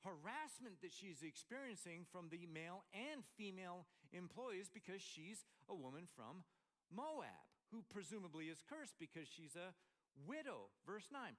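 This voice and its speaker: An older man from Montana delivers a sermon, his voice sitting a touch high and swinging widely in pitch. He talks in a relaxed, storytelling way, drifting into asides as he works through the text. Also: measured pace. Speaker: pastor.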